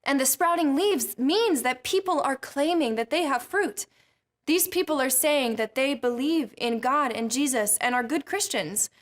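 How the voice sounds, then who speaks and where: High-voiced lady, playful kids bible lesson host, jokes a lot. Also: expressive, unhurried. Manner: jokey, chatty, playful.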